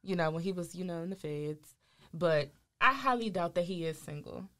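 A woman's voice: on the low side, animated, normal speed, fairly bright tone. A woman co-hosting a casual gossip chat, playful and curious, asking lots of questions. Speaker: co-host of celebrity gossip show.

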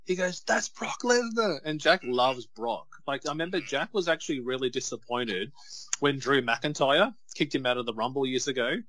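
A man's voice: mid-range voice, moderate pace, fairly bright tone, dry recording. Chatty man in a dry room. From Australia. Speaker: podcast co-host. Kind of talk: casual chat.

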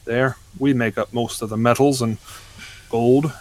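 Man doing a gruff dwarf, blunt and curt. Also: mid-range voice, fairly even intonation, measured pace, darkish tone, a little hiss or hum, natural voice. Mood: explaining.

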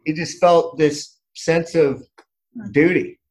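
A man's voice: on the high side, steady tone, slow, darkish tone, rough recording. A middle-aged man hosting a podcast, telling a story in a loose, rambling way with many restarts. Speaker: podcast host. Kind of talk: casual podcast conversation.

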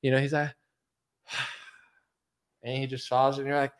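A man's voice: medium pitch, little pitch movement, slow, clean tone, no echo, clean studio sound. A man hosting a podcast, giving loose, joking opinions with lots of fillers. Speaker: podcast host. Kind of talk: casual opinion chat.

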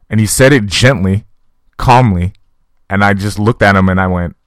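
Low-voiced man telling a story. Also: moderate pace, clean tone, no room sound. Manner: conversational, profane, addresses listeners directly. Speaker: podcast host and fight coach. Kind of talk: casual storytelling monologue.

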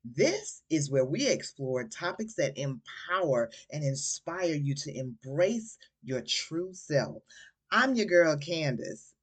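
Southern woman host in her forties, low voice, upbeat chatty podcast delivery. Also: husky. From Georgia, USA. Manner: warm and enthusiastic, says y'all. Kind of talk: casual podcast chat.

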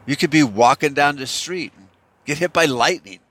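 A man's voice: fairly high pitch, moderate pace, fairly bright tone. A middle-aged man in a casual opinion monologue, ranting bluntly and swearing freely as he talks. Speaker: vlogger.

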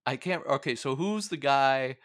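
A man's voice: medium pitch, moderate pace, fairly bright tone, no room sound, studio quality. A young man co-hosting a podcast, recapping a TV episode in casual, rambling chat with many fillers and frequent laughs. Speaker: podcast co-host.

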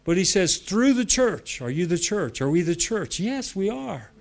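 A man's voice: sits high, sing-song, moderate pace, gravelly. A man preaching a sermon with emphatic repetition, laughing between points.

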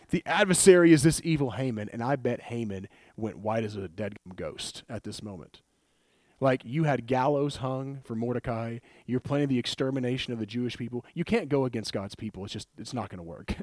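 A man preaching a sermon in a conversational, animated way, laughing often and retelling scripture with acted quotes. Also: mid-range voice, no room sound, studio quality.

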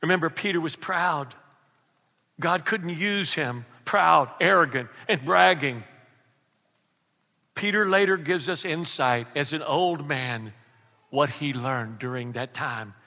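High, bright-voiced preacher in a reverberant hall. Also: male voice, takes it slowly. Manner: emphatic, calls out questions to the congregation. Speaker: pastor. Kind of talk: sermon.

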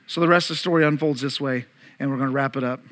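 A man's voice: mid-range voice, fairly even intonation, fast talker, a bit bright. A male pastor preaching an Easter sermon, earnest and direct, asking his congregation questions as he goes.

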